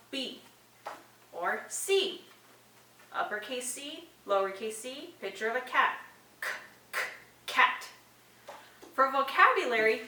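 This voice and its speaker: Bright-voiced woman explaining literacy activities. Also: a little high, distant mic. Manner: clear, step-by-step explaining with spoken examples. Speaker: teacher presenting to parents. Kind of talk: instructional video. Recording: echoey room, voice a bit off-mic.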